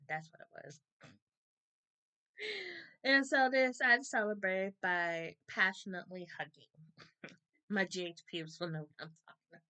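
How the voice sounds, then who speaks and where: A woman's voice: fairly low pitch, a bit bright, rough recording. A woman giving a casual, opinionated episode recap, laughing often and acting out characters' lines. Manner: chatty, opinionated, laughs often, acts out quotes. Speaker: soap opera reviewer.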